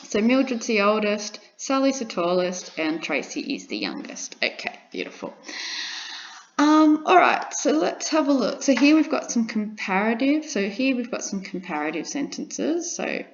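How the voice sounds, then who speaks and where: A woman's voice: fairly high pitch, big pitch swings, moderate pace, a little hiss or hum. A woman teaching an English grammar lesson, patiently repeating examples and checking in with her students. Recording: dull lo-fi recording.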